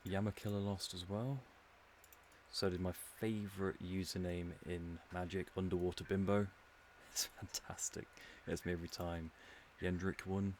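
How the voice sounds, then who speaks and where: A man's voice: low-pitched, flat delivery, moderate pace, a little mellow, slight background noise. An English man streaming a game, musing and rambling in a casual commentary with dry humour. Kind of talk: casual commentary while playing.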